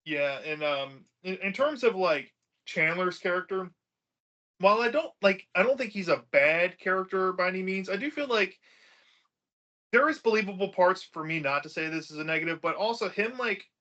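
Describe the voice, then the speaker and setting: A man co-hosting a casual podcast review, talking in an animated way with lots of fillers and laughs. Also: high voice, moderate pace. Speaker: podcast co-host. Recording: dull lo-fi sound.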